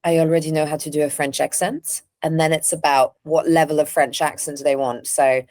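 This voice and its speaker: A woman voice actor as an interview guest, candid and animated, laughing often. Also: sits low, fairly quick, dry recording, clean studio sound. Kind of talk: casual interview chat.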